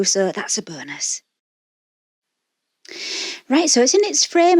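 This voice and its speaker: A woman with a Yorkshire accent and a fairly high but darkish voice narrates a resin craft tutorial as voice-over for her channel. She rambles in a self-deprecating way, with fillers and restarts, recorded at studio quality with no room sound.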